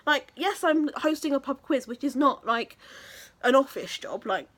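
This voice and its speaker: A woman's voice: high-pitched, animated, normal speed, a bit bright. A young woman from England, telling a story in a casual vlog, chatty and gushing with many fillers. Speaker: vlogger.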